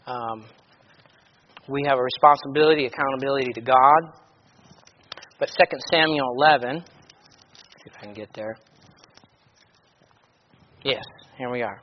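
A man's voice: medium pitch, slight background noise. A male pastor giving a sermon, reading scripture aloud with strong emphasis and breaking off into plain conversational asides. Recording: echoey hall, dull lo-fi sound.

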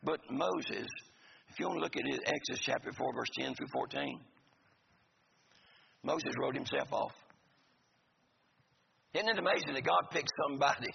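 A man's voice: medium pitch, moderate pace, long pauses. A man preaching a sermon to a congregation, with folksy, joking asides. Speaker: pastor. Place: church sanctuary. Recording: gravelly voice in a reverberant hall, dull lo-fi sound, faint noise.

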